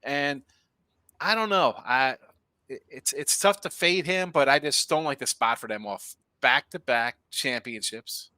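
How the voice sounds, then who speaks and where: Bright, rambling man in a dry room. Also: mid-range voice, a little slow, no room sound. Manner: rambling, jokey, thinks aloud. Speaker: sports betting analyst. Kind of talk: casual sports podcast chat.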